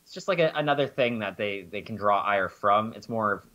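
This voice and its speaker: A man's voice: fairly low pitch, lively intonation, normal speed, pushed and bright, highs cut off. A man co-hosting a podcast in a casual, wry way, reading listener comments, swearing casually and dropping jokey asides. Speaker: podcast co-host.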